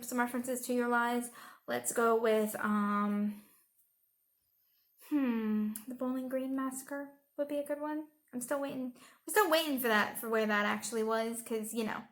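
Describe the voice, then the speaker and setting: A woman's voice: high voice, a bit bright. A young woman giving a sarcastic, ranting reaction commentary as a vlogger.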